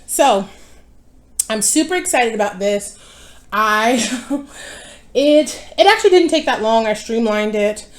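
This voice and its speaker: A woman's voice: a little high, animated, measured pace, long pauses. A young woman in casual chat while eating, tired and rambling, often correcting herself. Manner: rambling, easily distracted, self-correcting. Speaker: mukbang vlogger. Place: home.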